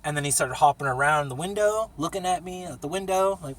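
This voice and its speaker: A vlogger with a slightly high, somewhat bright voice talks briskly, rambling through casual, profane stories from a small cramped space and breaking into a sung jingle in his laid-back delivery. The mic is distant, with slight background noise.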